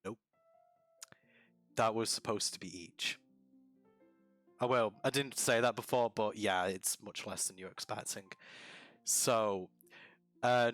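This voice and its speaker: A man narrating a tabletop game as game master over a voice call, relaxed and rambling with many fillers. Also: on the low side, no echo.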